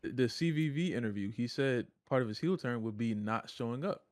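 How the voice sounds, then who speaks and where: A man's voice: medium pitch, brisk, no echo, clean studio sound. A man co-hosting a podcast in loose, joking casual chat, swearing freely. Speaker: podcast co-host.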